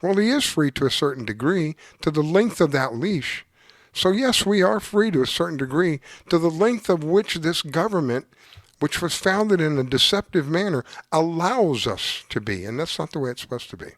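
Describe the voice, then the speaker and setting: A man holds forth from his home desk in an impassioned, preachy tone, his pitch swooping up and down as he presses his point. The sound is dry and close, with no room around it. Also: sing-song, moderate pace, dry recording. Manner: earnest, preachy, emotionally worked up. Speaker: show host. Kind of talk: impassioned political commentary. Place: home desk with dog underneath.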